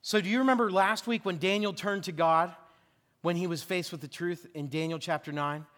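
A male pastor preaching a sermon, telling the story in a lively way with joking asides, in a church. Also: high voice, fairly quick, long reverb tail. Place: church sanctuary.

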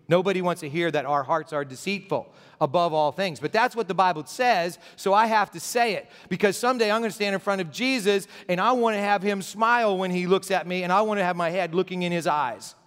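High-voiced man preaching in a reverberant hall. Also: a little fast, hardly any pauses, a bit bright. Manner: conversational preaching with jokes and asides. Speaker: pastor. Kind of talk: sermon. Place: church sanctuary.

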